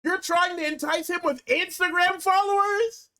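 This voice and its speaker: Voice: very high-pitched, fairly even intonation, moderate pace, a crowd in the background. Incredulous, emphatic podcast co-host. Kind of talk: casual wrestling chat.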